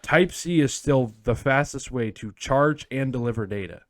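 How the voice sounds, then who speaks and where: A man's voice: mid-range voice, moderate pace, noisy background. A young man co-hosting a podcast who talks assertively and explains technical details in a casual chat. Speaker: podcast co-host.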